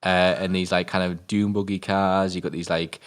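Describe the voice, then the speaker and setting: A British man with a notably deep voice co-hosts a casual film review chat. He talks in a rambling, halting way, full of "um"s and offhand swearing. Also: level tone. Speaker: co-host of a film review show.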